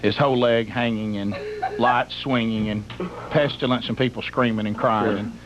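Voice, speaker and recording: A man's voice: medium pitch, fairly even intonation, moderate pace. A middle-aged man, hosting a radio show and telling a comic story in a rambling, exaggerated way that piles up details. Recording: muffled broadcast with faint hum.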